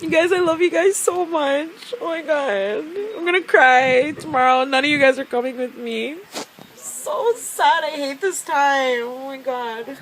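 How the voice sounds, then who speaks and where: A woman's voice: high-pitched, a little slow, a little hiss or hum, rough recording. Giggly young woman vlogging at night. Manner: giggly, excitable, talks in bursts. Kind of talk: casual vlog chat. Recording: music playing in background.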